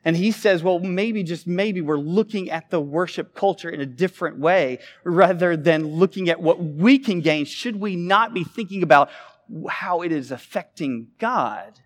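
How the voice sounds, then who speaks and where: A pastor delivers a sermon in a voice pitched a little above the usual for a man. He preaches with animation, swinging between loud, emphatic peaks and quiet, low asides. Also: moderate pace.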